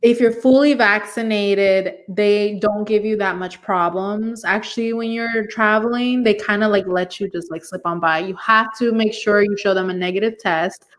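A woman's voice: mid-range voice, steady tone, normal speed, few pauses. A woman co-hosting a casual livestream chat, talkative and teasing, laughing easily. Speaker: co-host of a livestream.

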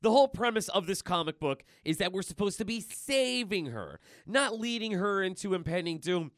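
A man doing a shrill wisecracking mercenary. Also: sing-song, moderate pace, no echo, studio quality. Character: wisecracking high-strung male mercenary.

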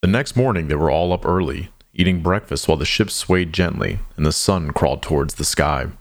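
Deep-voiced man narrating a somber tale. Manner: measured, somber storytelling. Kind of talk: scripted drama narration.

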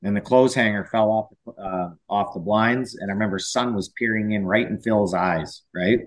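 Lowish-voiced man telling rambling stories. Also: moderate pace. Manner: rambling storyteller with frequent restarts. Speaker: podcast guest, former pro hockey player. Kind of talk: casual chat.

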